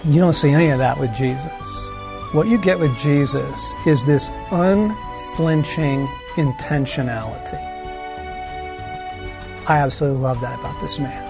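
A male pastor giving a sermon in a conversational way, full of asides and tag questions, slowing down for emphasis and then speeding up. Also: fairly high pitch, gravelly, over music. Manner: shifts between slow emphasis and quick runs.

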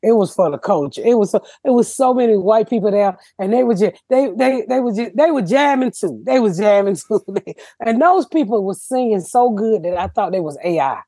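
Casting: loud-mouthed woman host, husky, dry studio sound, brash profane storytelling. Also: medium pitch, lively intonation, brisk, few pauses, dry recording. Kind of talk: casual podcast chat.

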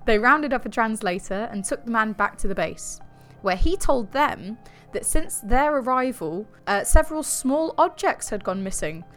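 A woman's voice: fairly high pitch, expressive, moderate pace, hardly any pauses, faint music behind. A woman co-hosting a podcast, telling a creepy story in a jokey, giggly way and swearing casually. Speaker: podcast co-host.

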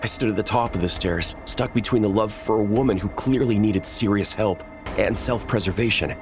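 A man narrating a first-person horror story in a measured, tense storytelling manner. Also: fairly low pitch, soft background music.

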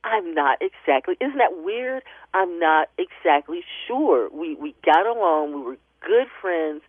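A woman's voice: lowish voice, animated, unhurried, husky, no echo. A woman phoning in to a radio show. She tells her story in an emotional, chatty way, laughing through it and tearing up. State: tearful. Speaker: caller. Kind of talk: phone-in radio call. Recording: tinny phone line.

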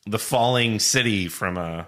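A man co-hosting a podcast, relaxed and hesitant with fillers as he goes through news items. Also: lowish voice, a little slow. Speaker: podcast co-host. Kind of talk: casual news chat.

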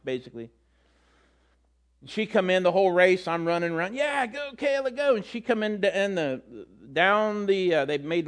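A man's voice: on the high side, fairly bright tone. A middle-aged man giving a sermon as a pastor, telling stories and acting out the quotes in different voices. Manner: storytelling, acts out quotes with voices.

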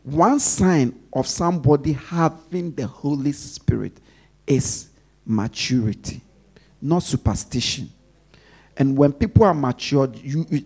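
A man preaching a sermon in a call-and-response style, swinging between loud stresses and soft asides and leaving questions for the congregation to finish. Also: medium pitch, gravelly, breathy edge.

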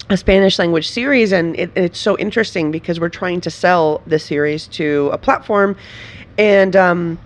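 A woman from Venezuela, a comedian guest in casual interview chat, talking animatedly with laughs and frequent restarts. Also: lowish voice.

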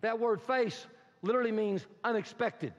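A man preaching a sermon as pastor. He is animated and humorous, and he mimics people's complaints. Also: high-pitched, normal speed. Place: church hall. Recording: reverberant hall, dull sound.

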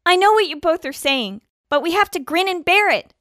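A woman's voice: very high voice, a little fast, no room sound, studio quality. A woman voicing an eager, theatrical young female band leader in an amateur audio drama. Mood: wry. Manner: theatrical, excitable.

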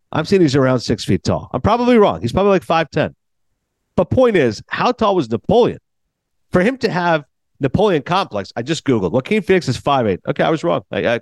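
A man's voice: medium pitch, no room sound. A man hosting a film review show, talking casually and acting out scenes in quoted voices. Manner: animated, jokey, acts out scenes in quoted voices. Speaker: film critic podcast host.

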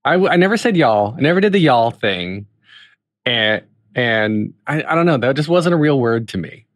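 A man's voice: mid-range voice, normal speed, no echo, studio quality. A man from North Carolina hosting a casual podcast, joking and restarting his sentences. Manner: animated, joking, many restarts. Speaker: host.

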